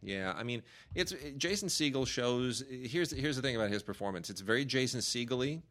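A man's voice: medium pitch, expressive, a bit bright. A man co-hosting a casual film review podcast, talking enthusiastically and arguing his opinions. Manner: enthusiastic, argumentative, speeds up and slows down. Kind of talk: casual chat reviewing films.

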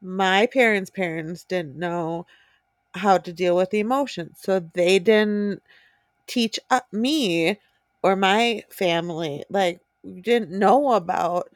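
A woman's voice: on the low side, slow, no echo, studio quality. A woman co-hosting a podcast, speaking earnestly and supportively in casual conversation. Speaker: podcast co-host. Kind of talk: casual chat.

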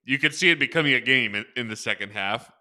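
A man co-hosting a casual sports podcast, thinking aloud in halting, restarting sentences. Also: medium pitch, bright, forceful tone. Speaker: podcast co-host.

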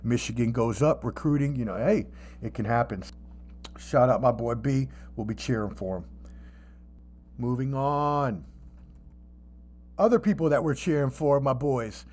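A man hosting a podcast in casual sports chat, animated and profane, with mocking asides. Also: medium pitch, normal speed, a little hiss or hum. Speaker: podcast host.

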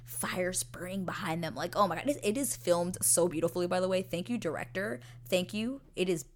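A woman hosting a casual recap, acting out quoted lines in an animated way with frequent laughs and dips into whispers. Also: fairly low pitch, a little fast. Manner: animated, lots of likes and laughs, slips into whispers. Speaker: podcast host recapping a TV episode.

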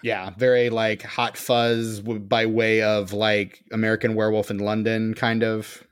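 A man's voice: lowish voice, level tone, measured pace, clear, resonant tone. A man co-hosting a podcast in casual chat, joking and rambling with lots of fillers. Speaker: podcast co-host.

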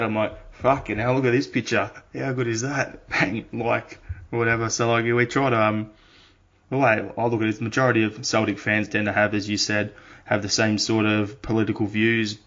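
A man's voice: on the low side, fairly bright tone. A man hosting a podcast, joking in a laid-back, sweary casual chat. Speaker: podcast host. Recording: dull lo-fi audio.

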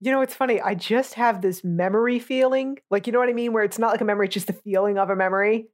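A woman's voice: mid-range voice, fast talker. A woman co-hosting a podcast, chatting casually about a movie in a blunt, sarcastic, sweary way. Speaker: podcast co-host.

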